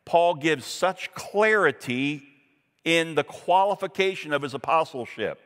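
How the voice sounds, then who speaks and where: A man's voice: fairly high pitch, fairly bright tone, long reverb tail. A man preaching a Sunday sermon as pastor, reading scripture aloud and stressing points with emphasis.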